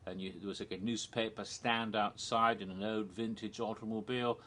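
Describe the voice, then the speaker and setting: A man's voice: lowish voice, fairly even intonation, brisk, a bit bright. A man casually telling theme park history on his own, rambling and digressive, with many ums and restarts. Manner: chuckles at his own jokes. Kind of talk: casual solo storytelling.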